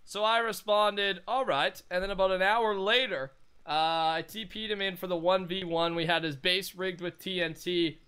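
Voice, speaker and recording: A young man hosting a casual gameplay commentary, talking in an excitable, rambling, jokey way. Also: high voice, normal speed, smooth. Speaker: gaming channel host.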